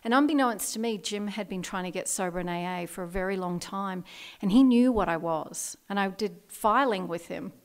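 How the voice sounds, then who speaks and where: A woman's voice: medium pitch, normal speed, smooth. A middle-aged Australian woman speaking candidly at a recovery meeting, telling her own story with self-deprecating laughs.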